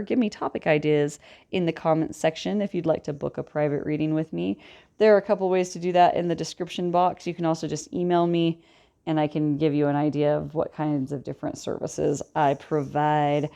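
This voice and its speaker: A woman's voice: on the low side, warm tone, smooth. A woman giving a casual tarot reading, chatty and rambling, with a light Southern drawl that slips in. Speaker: tarot reader.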